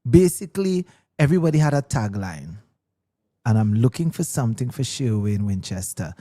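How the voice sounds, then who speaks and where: Man, lively pitch, casual storytelling, slips into singing. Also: normal speed. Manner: animated, breaks into sung hooks and acted voices. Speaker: guest singer.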